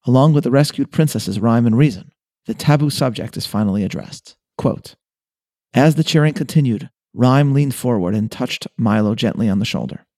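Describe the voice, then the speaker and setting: A man hosting a short reflective talk, reading his script and long quotations in a measured, earnest way. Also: mid-range voice, lively intonation, mellow, dry recording, studio quality. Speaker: host.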